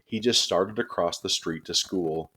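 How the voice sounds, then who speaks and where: A man reading a children's chapter book aloud with steady, expressive storytelling. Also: deep voice, a little slow, husky.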